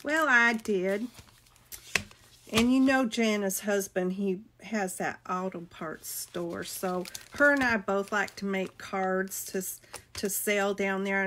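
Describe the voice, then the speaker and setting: A woman's voice: mid-range voice, a bit bright, slight background noise. A middle-aged woman, chatting casually with viewers as she shows off a craft haul, gushing and greeting people by name. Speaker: crafting video host.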